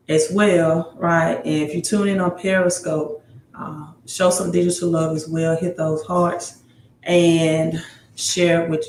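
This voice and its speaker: A tired man hosts a casual livestream on credit, calling out viewers by city and reading their comments aloud. His voice sits high for a man. The room around him rings, with a faint hum of ambience behind. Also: reverberant. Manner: reads news items aloud, with tag questions. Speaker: livestream host giving credit advice.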